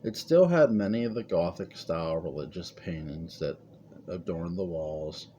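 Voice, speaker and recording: A man narrating a gothic family story in a measured, dramatic reading. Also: low-pitched, animated, dark tone, a little hiss or hum.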